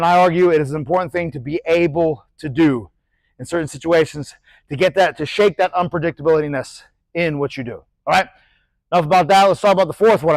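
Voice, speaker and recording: A middle-aged male boxing coach talks through technique in a casual, animated way, his fairly high voice close and dry. He swears lightly, throws in sharp punch noises, and keeps asking "right?" as he goes. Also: dry recording, low-quality recording. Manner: animated, demonstrates punches with shouted sound effects; loose, chatty, swears casually. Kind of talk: casual instructional talk.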